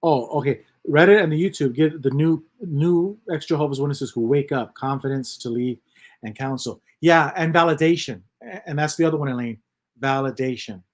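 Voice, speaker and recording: A man's voice: fairly high pitch, normal speed. A man hosting a casual livestream, reading chat comments aloud and rambling on with lots of repeats and mutters.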